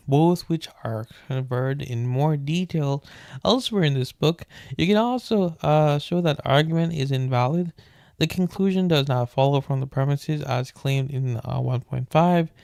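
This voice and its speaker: A man with a fairly high voice reads a book aloud in a relaxed late-night way. He trips over words and wanders off into joking asides before picking the text back up. The sound is dry and close, with no room echo. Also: a little slow, creaky. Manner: stumbles over words, breaks off into joking rants. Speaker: streamer reading aloud.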